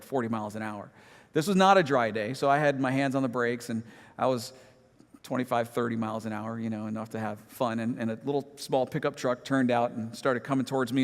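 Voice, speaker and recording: A man's voice: mid-range voice, in a large hall. A man preaching a sermon, telling a personal story in a conversational, self-deprecating way with humorous asides. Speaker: pastor. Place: church sanctuary.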